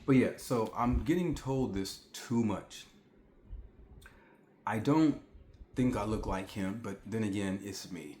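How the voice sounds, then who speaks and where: A man's voice: on the low side, takes it slowly, long pauses, a little mellow, a little hiss or hum. A man in his forties telling a story to the camera at home in a chatty way, repeating himself and talking straight to the viewers. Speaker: vlogger. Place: indoors at home. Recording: echoey room.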